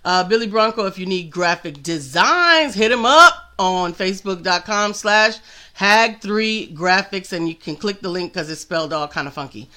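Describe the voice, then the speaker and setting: A woman's voice: medium pitch, lively intonation, normal speed, bright, forceful tone. A woman co-hosting a casual live online show, reading out viewer comments and playfully teasing her co-host.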